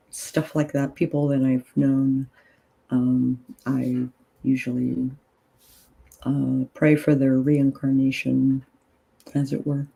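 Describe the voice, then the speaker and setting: A groggy woman leading a ritual on a casual livestream, reading prayers aloud in an unhurried way with loose asides. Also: extremely low pitch, gravelly, dark tone, husky, poor audio. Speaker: ritual leader and tarot reader.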